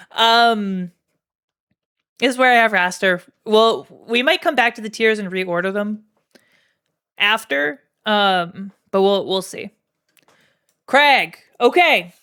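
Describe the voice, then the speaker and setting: A woman's voice: mid-range voice, a bit bright, clean tone. A woman with a Canadian accent streaming live, giving frank, casual commentary with plenty of fillers and swearing. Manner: frank, profane, many fillers and asides to chat. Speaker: streamer ranking game characters.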